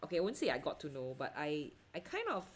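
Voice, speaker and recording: A woman's voice: sits low, sing-song, fast, a little hiss or hum. A woman from Singapore, probably in her thirties, chatting casually with livestream viewers as she paints, laughing often and trailing off into fillers. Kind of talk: casual chat while painting, reading viewer comments.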